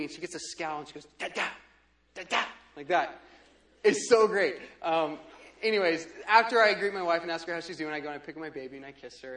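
High-voiced, animated young male pastor. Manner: animated, joking storyteller, swings between loud and quiet asides. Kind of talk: sermon. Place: church sanctuary. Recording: echoey church hall.

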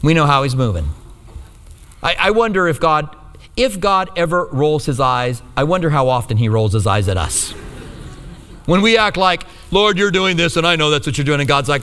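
A man preaches with a bright, ringing voice that climbs high and swoops widely as he tells the story. He acts out the quotes as he goes, and the long reverb of a church hall trails behind each line. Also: expressive, moderate pace, clear, resonant tone. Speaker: pastor. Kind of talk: sermon.

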